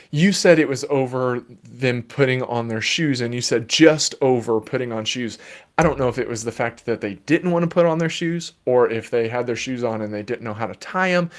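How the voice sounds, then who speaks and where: A male children's therapist answers parenting questions in a live Q&A. He explains things calmly and patiently, with a gently playful touch. His voice sits at an ordinary mid pitch.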